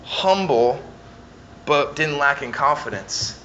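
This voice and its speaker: A man preaching a sermon, reading scripture aloud and swinging between emphatic stress and quiet, hushed lines. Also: a little high, animated, takes it slowly, lo-fi sound, slight background noise. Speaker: pastor.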